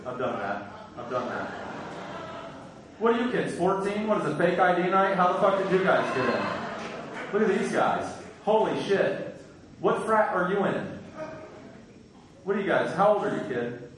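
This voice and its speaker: A man's voice: high-pitched, background noise. A man doing stand-up comedy in a club, brashly teasing the crowd with crude jokes, heard from far off in an echoey room.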